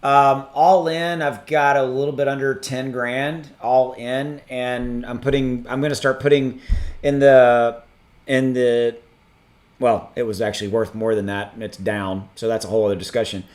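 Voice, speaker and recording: A man hosting a crypto livestream from a home setup, reading out viewer messages in a rambling, halting way with many ums and restarts. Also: medium pitch. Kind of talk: casual livestream chat reading super chats.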